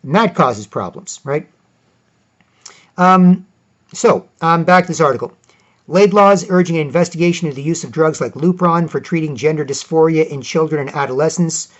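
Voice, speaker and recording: A man's voice: a little high, moderate pace. A man vlogging opinionated commentary, reading out articles with sarcastic asides, rambling, and restarting often. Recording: dull lo-fi audio.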